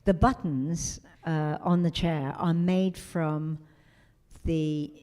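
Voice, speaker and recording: A middle-aged woman speaking on a convention panel, with a slightly low voice. She tells her stories with energy, acting out what others said. Her talk is warm and chatty. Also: slow pace. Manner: animated storyteller who acts out quotes. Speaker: convention guest of honor.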